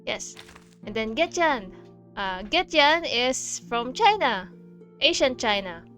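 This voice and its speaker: A woman's voice: fairly high pitch, big pitch swings, takes it slowly, fairly bright tone, soft background music. A woman streamer chatting casually over gameplay, gushing, with many fillers and giggles.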